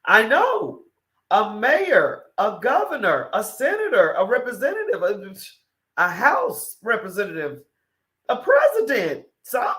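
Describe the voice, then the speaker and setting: A woman's voice: fairly high pitch, huge pitch swings, a little slow, a bit bright. A woman hosting a morning talk show, giving an opinionated monologue that is emphatic and repetitive, full of rhetorical questions.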